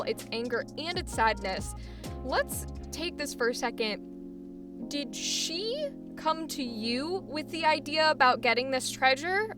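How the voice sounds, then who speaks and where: Female vo coach, high voice, chatty and encouraging. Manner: encouraging, chatty, uses many fillers. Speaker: voice acting coach. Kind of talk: coaching session.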